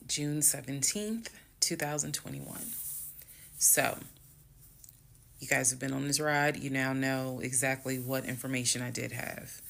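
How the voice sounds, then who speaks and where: Gravelly woman telling a story. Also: a bass voice, measured pace. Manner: chatty, frank, drops to a calm hush when retelling talk. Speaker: storytime creator. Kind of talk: casual storytime monologue.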